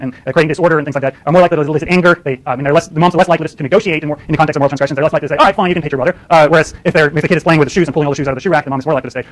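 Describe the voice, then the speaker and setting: A man's voice: on the high side, poor audio. A man giving a university lecture, often stopping to ask "right?" and restarting his sentences. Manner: lots of fillers and restarts, asks "right?" often.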